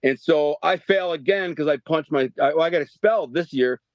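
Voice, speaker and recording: A middle-aged man, from Detroit, telling his life story as a podcast guest in a streetwise, animated way and acting out the voices in his quotes. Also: fairly high pitch, brisk, dry recording. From Detroit, USA. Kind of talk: casual storytelling. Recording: dry, dull podcast audio.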